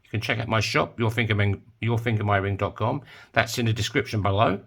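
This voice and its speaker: A man's voice: lowish voice, moderate pace, creaky, fairly bright tone. A man talking casually while making a coin ring in his workshop, full of joking, rambling asides. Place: home workshop.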